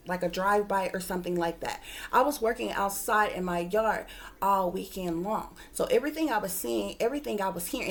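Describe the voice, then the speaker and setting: A woman working as a psychic reader, telling her viewers a story in casual, emphatic talk, often calling them "y'all" and swearing freely. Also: mid-range voice.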